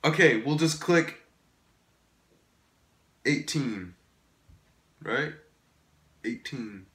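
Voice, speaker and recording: A man's voice: medium pitch, animated, drawn-out words, fairly bright tone, roomy sound. A man giving casual gameplay commentary, exasperated, swearing often and laughing at himself. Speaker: gaming YouTuber.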